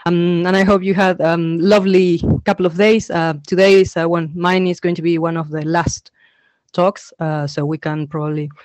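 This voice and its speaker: A woman's voice: fairly low pitch, normal speed, no echo. A woman from Argentina presenting a teacher-training webinar over a video call, chatty and full of ums. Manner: chatty, lots of ums and uhs; excited reading out names from the chat. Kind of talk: online conference talk. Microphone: computer mic on a video call.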